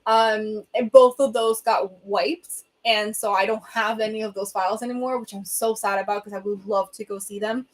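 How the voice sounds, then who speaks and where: A young woman with a mid-range voice chats casually with viewers on a livestream, answering their comments at a normal speed with fairly even intonation and few pauses. She rambles and hums between thoughts. The audio comes from her laptop's built-in webcam mic in a room at home with a bookshelf.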